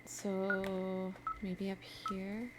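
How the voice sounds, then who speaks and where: A woman's voice: mid-range voice, completely flat delivery, extremely slow, very noisy. Chatty woman narrating her gameplay. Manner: chatty, reactive, thinks aloud. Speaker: let's play host. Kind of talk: casual gameplay commentary.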